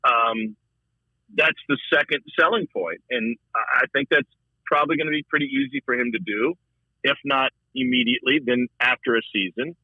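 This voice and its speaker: Husky-voiced man on a phone line. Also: moderate pace, no echo. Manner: animated, repeats words, shifts pitch a lot. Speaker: college football broadcaster, guest. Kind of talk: casual sports talk. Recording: dry, thin phone-line sound.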